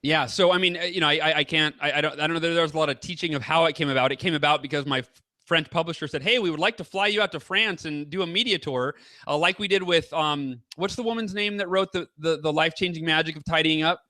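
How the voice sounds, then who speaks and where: A man in his thirties, a guest author chatting casually in an interview, telling stories with lively quoted voices. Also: fairly high pitch, fast talker, dry recording. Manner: animated storyteller, acts out quoted voices.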